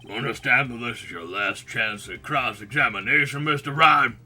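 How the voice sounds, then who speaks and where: A man's voice: mid-range voice, moderate pace, pushed and bright. A man voicing a mild, formal male judge in a courtroom game.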